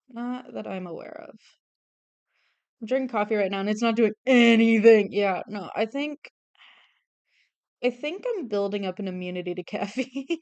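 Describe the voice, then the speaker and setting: A woman's voice: mid-range voice, darkish tone, no room sound. A young woman streaming her drawing, chatting casually in a rambling, self-deprecating way and laughing often. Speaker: streamer and artist. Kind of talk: casual chat while drawing.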